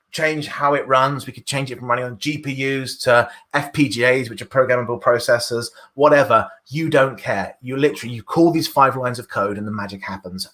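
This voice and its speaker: A British man leads a workshop, talking through a live coding demo with eager, explanatory energy. His voice sits at an ordinary middle pitch, and he often restarts his sentences as he goes. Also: brisk, sharp tone. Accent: British English. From Britain. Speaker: workshop presenter.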